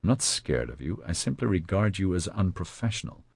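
Man doing a cold blunt soldier guy, deep dry voice. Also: very animated, a little fast, creaky, a little mellow, husky, no room sound, full character voice. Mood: stern. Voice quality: cold, cutting. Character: blunt, stern male soldier.

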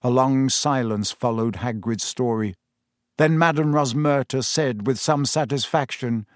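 A man reading a storybook as narrator, in a measured, even way. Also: mid-range voice, dry recording, clean studio sound. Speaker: audiobook narrator.

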